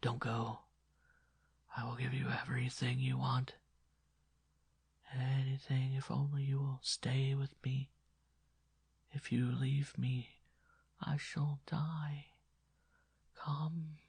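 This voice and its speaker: A man's voice: medium pitch, flat delivery, takes it slowly, gravelly, pauses often, darkish tone, breathy edge, no room sound, pitched above the performer's own voice, full character voice. A man voicing a feverish, lovesick dying young man who pleads breathlessly and fades into whispers in an audio drama. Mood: whispered imploring. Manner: breathless, imploring, fading to a whisper.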